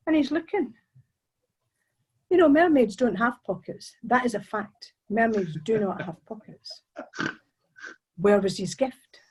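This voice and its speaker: A storyteller with a fairly high, breathy voice. She narrates with suspense and playful asides to the audience. Her telling is lively and chatty, pausing for dramatic effect. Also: poor audio. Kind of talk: oral storytelling performance.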